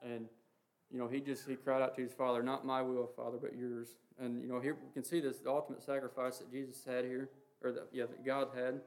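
A man preaching an informal sermon in a flat, even voice at a middling pitch. He talks haltingly, leaning on fillers, earnest throughout. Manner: halting, heavy with "you know" and "um" fillers; earnest, reads scripture quotes aloud. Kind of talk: informal sermon on the Lord's Prayer.

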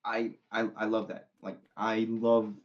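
A man's voice: fairly low pitch, monotone, unhurried. A young man chatting casually as a podcast guest, rambling and repeating himself as he retells what friends said. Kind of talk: casual chat. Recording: slightly dull lo-fi sound.

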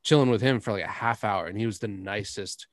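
A man's voice: on the low side, brisk, no room sound. Young man, podcast host, rambling anecdotal delivery, dead-dry close mic. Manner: rambling storyteller, laughs often, drops curses. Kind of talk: casual chat.

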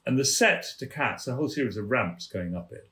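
A man's voice: medium pitch, lively intonation, a little fast, bright, forceful tone. An older man, a theatre producer and guest, telling stories in a leisurely, amused way and acting out the people in them. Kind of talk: anecdotal storytelling.

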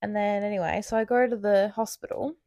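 A woman's voice: mid-range voice, fairly even intonation, fairly quick, dark tone, no echo, studio quality. A young woman co-hosting a podcast, chatting casually, swearing often and laughing through her own stories. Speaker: podcast co-host. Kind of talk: casual chat.

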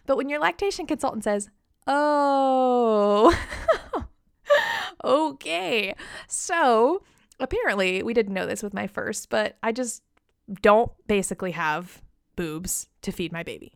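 A woman in her thirties talks candidly into a close podcast microphone, chatty and quick to laugh at herself. Her pitch sits in an ordinary middle range. The sound is dry, with no room echo at all. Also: animated, creaky. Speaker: podcast host. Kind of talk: personal story on a podcast.

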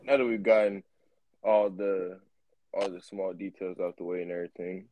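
Brief: young male co-host, lower voice, teasing banter, leans on repetition for laughs. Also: little pitch movement, normal speed, muffled recording, a little hiss or hum. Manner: playful, tells tall tales, repeats himself for emphasis. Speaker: podcast co-host. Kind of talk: casual podcast banter.

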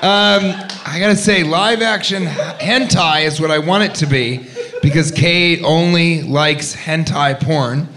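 A man hosting a live comedy podcast, riffing loudly with laughter and crude jokes from a club stage. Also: on the high side, unhurried. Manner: loud, laughing, profane riffing. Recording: live club recording with crowd noise. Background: laughing live audience.

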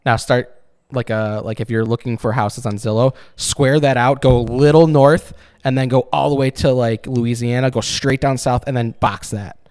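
Dry, blunt male co-host with a smooth voice, casual crude banter. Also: medium pitch, steady tone, moderate pace, darkish tone, dry recording. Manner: blunt, dry, profane humor. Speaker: podcast co-host. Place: warm room without cooling.

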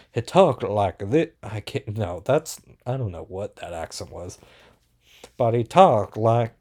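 Casting note: a man with a low, warm voice, casual and blunt, rambling critic. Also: gravelly. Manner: rambling, blunt and sarcastic, many fillers. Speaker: theater reviewer. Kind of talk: casual spoken review.

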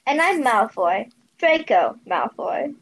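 A woman putting on smug Draco Malfoy, lowered and sneering. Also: big pitch swings, takes it slowly, husky, heavily acted, rough recording. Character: smug snobbish young wizard boy.

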